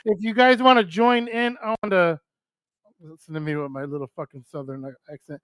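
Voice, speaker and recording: A man's voice: high voice, steady tone, normal speed, fairly bright tone, clear, resonant tone, no room sound. An older man from New hosting a live radio stream, chatting loosely and cursing with a friend. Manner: loose, profane, joking. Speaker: radio show host. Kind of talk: casual live-stream chat.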